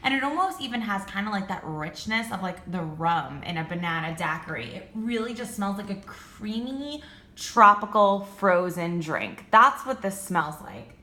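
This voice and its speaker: A young woman reviewing candles in a casual vlog, gushing and excitable, with lots of "like" fillers. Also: mid-range voice, normal speed, roomy sound. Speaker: beauty and candle vlogger.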